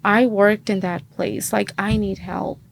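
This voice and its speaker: A woman's voice: medium pitch, fairly even intonation, a little slow, vocal fry. Woman in her thirties telling her story. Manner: chatty, acts out quoted dialogue, many fillers. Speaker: podcast guest. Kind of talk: personal testimony in casual conversation.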